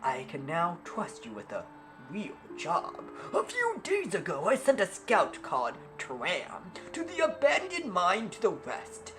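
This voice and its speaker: A man doing a gruff, weary captain. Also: high-pitched, huge pitch swings, unhurried, voice pushed up, heavily acted. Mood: grave. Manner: grave, commanding. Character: weary male captain, gruff and world-worn. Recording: game music playing behind.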